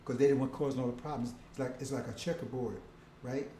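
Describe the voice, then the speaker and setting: A man's voice: medium pitch, fairly even intonation, fast talker, dark tone, echoey room, a little hiss or hum. A man preaching a casual, conversational sermon, often breaking in with "see?" and "right?".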